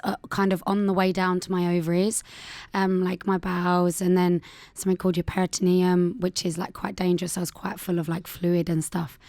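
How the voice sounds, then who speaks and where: A woman's voice: medium pitch, a little mellow, no room sound. Candid young British woman on radio. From United Kingdom. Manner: candid, hesitant, many fillers like "um" and "like". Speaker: guest. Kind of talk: radio interview. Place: radio studio. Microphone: studio microphone.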